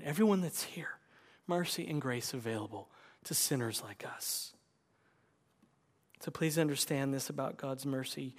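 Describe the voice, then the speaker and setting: A man preaching a sermon to a congregation in a church. He swings from hushed, near-whispered lines to loud emphatic bursts, using repetitive rhetorical cadences and direct questions to the listeners. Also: on the high side, moderate pace. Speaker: pastor. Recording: long reverb of a large hall.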